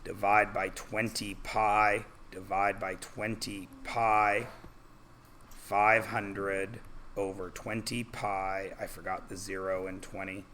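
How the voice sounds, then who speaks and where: A male math teacher leads an algebra review in a classroom, working each step slowly and throwing questions at his students. His voice is fairly low but bright, with faint room ambience behind it. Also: flat delivery, a little hiss or hum. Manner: walks students through steps with questions.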